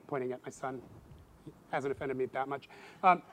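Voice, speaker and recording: A middle-aged man preaching a sermon in a lively way, acting out voices with sudden loud outbursts. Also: brisk. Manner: animated, acts out quoted voices with big pitch jumps. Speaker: pastor.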